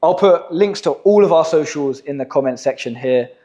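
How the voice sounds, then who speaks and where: A man's voice: on the high side, lively intonation, moderate pace, dark tone. A young English man hosting a casual podcast chat, telling stories in slangy, profane talk. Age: young adult. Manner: slangy, swearing, storytelling. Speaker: podcast host, agency owner.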